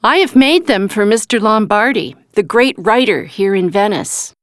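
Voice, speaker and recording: A woman voicing a proud craftsman father in a slow storybook reading. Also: mid-range voice, no room sound, clean studio sound, close to an everyday voice. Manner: proud, lively storybook delivery. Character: proud craftsman father, warm-hearted man.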